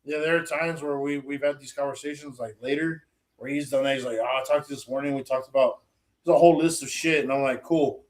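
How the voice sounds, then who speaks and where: A man's voice: mid-range voice, quick pace. A man telling stories in loose, profane podcast chat, acting out the lines of people he quotes. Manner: profane, animated storytelling, acts out quotes. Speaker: podcast co-host. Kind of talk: casual chat.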